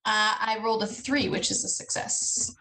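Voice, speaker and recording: A woman's voice: mid-range voice, moderate pace, vocal fry, bright, forceful tone, distant mic, slight background noise. A woman player in a tabletop role-play, hesitantly describing what her character does.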